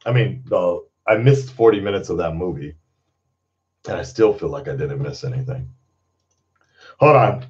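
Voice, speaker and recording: A man in relaxed stream chat with a low voice that swings up and down a lot as he rambles and cusses. The sound is dull and a little lo-fi. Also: moderate pace, pauses often. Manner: rambling, laughs often, swears freely. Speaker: channel host. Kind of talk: casual livestream chat.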